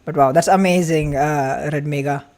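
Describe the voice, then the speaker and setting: A man hosting a live-streamed event welcome. He talks quickly and excitedly, greets viewers from the chat, and chats freely. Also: a little high. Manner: excited, fast-talking, chatty. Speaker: livestream host.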